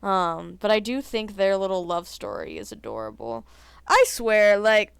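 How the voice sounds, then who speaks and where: A woman chatting in a casual vlog, animated and talkative, filling her speech with "like" and laughing at her own opinions. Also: medium pitch, smooth, no echo. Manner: chatty and animated, heavy use of "like". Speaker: vlogger.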